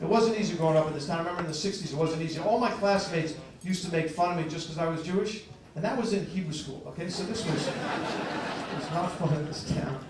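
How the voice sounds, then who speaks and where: A man's voice: a little high, fast talker. A man in his fifties from New Jersey doing a stand-up comedy set, stammering and restarting before dry, self-deprecating punchlines. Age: 50s. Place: comedy club stage. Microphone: stage mic in a club. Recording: echoey club recording from far off, crowd noise. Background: audience laughter.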